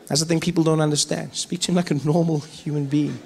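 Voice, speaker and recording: A man with a South African accent performing stand-up comedy, animated and full of mimicked voices. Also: on the high side, quick pace, creaky.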